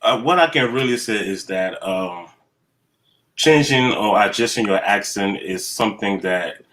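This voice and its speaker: A man from Nigeria stating his opinion firmly and plainly in a relaxed group discussion. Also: on the low side, unhurried, rough recording. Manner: relaxed, firm and matter-of-fact.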